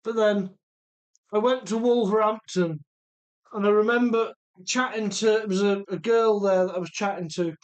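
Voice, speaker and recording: A man's voice: sits high, fairly even intonation, normal speed. A middle-aged man from Telford, chatting casually while repairing a remote-control car and reading out viewer comments. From Telford, English Midlands. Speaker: RC car channel host.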